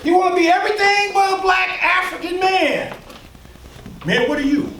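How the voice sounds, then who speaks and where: A man's voice: very high-pitched, normal speed, sharp tone. A man leading a workshop, lecturing a live audience in an emphatic, preacher-like way with call-and-response and mocking asides. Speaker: workshop leader and speaker. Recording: echoey room, mic far off.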